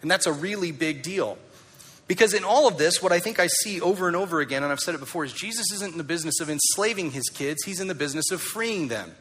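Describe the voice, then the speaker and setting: A man preaching a sermon with a bright, forceful tone and a slightly raised pitch. He speaks emphatically and conversationally, firing rhetorical questions at his congregation. He then sinks to a quiet, low delivery on the lines he wants to land. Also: lively intonation, fast talker, husky. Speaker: pastor.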